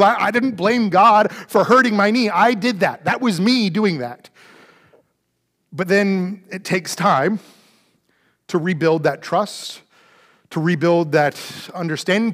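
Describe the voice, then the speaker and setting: A man preaching a sermon as pastor, earnest, swinging from loud emphasis to hushed softness and repeating his phrases. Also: high voice. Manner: earnest preaching, rises loud then drops very soft; repeats phrases, small restarts.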